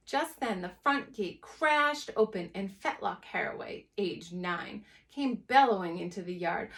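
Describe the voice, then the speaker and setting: A woman teacher reading a chapter book aloud to young children, expressive and adding plain asides. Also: on the low side, normal speed, creaky, few pauses.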